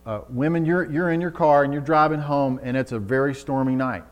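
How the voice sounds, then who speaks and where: A man's voice: medium pitch, a little fast. Man preaching an impassioned sermon. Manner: storytelling with acted-out quotes, rising to loud emphatic preaching.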